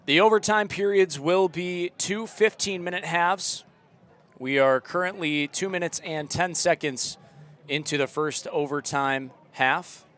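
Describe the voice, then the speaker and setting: A young man calling a live soccer match outdoors, relaxed and chatty, and loud on close chances. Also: mid-range voice. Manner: relaxed chatty commentary, rising to loud excited calls. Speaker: play-by-play commentator. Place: outdoor stadium.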